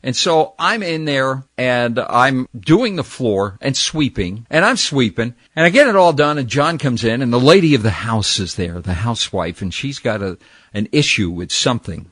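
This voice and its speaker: A man's voice: medium pitch, lively intonation, moderate pace, fairly bright tone, no room sound. Old guy from jersey telling stories, acts out the people in them, dry close sound. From New Jersey. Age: older. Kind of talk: storytelling.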